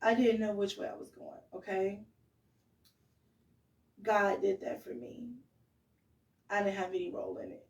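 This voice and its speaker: A woman's voice: mid-range voice, steady tone, measured pace, creaky, pauses often, darkish tone, echoey room, far from the mic, low-quality recording. A woman co-hosting a podcast who gives earnest, pleading advice, emotional and direct. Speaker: podcast co-host.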